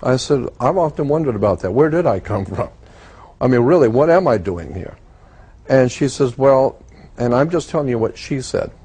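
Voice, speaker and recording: Mellow-voiced man telling a personal story. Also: medium pitch, expressive, moderate pace, breathy edge. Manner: earnest, repeats himself for emphasis. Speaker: guest telling his story. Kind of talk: first-person storytelling in a talk program.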